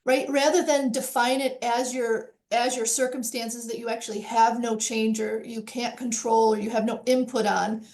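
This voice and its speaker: A woman's voice: a little high, flat delivery, normal speed, hardly any pauses, darkish tone. A woman speaking as a panel guest, earnest and reflective, repeating phrases for emphasis.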